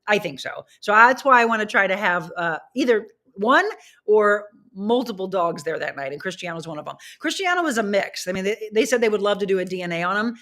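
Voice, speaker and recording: A woman's voice: mid-range voice, lively intonation, a little fast, a bit bright. A middle-aged woman hosting a casual chat with viewers, rambling chattily and stopping to talk to her dogs. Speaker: livestream host.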